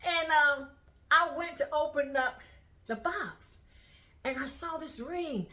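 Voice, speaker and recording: A woman telling a story to her viewers in a casual vlog. She is animated and laughs often as she talks. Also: sits high, slow. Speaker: vlogger.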